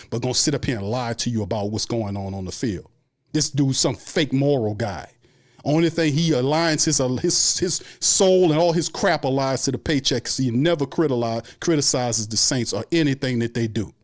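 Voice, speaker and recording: A man hosting a live sports stream, ranting angrily and profanely in a repetitive, heated rant. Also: medium pitch. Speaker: sports show host.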